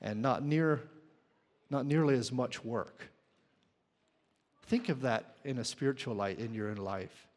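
Male pastor, earnest sermon delivery with restarts, medium pitch, recorded with long hall reverb. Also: a little slow, pauses often. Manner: earnest, repeats words and restarts, clears throat.

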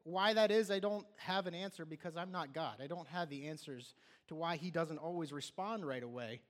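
A man with a fairly high voice preaches at a moderate pace, and a long hall reverb trails his words. His sermon is loose and conversational; he often restarts sentences and acts out what people say.

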